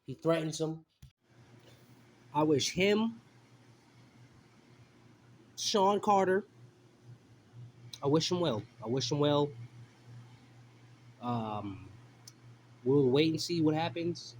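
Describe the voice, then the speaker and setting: A man's voice: a little high, expressive, slow pace, pauses often, a little hiss or hum. A man, reading a statement aloud and mocking it in casual commentary, repeating his points. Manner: repeats phrases, skeptical and mocking.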